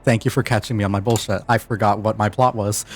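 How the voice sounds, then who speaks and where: A man's voice: fairly low pitch, steady tone. A man narrating as game master of an online tabletop game, stumbling and restarting as he describes things. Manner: halting, restarts while describing, self-deprecating.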